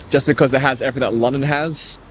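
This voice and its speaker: A young Australian man with an Australian accent, answering a street interview in a relaxed, hesitant way, full of filler words. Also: medium pitch, slight background noise. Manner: relaxed, hesitant, lots of likes and laughs. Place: city street outdoors.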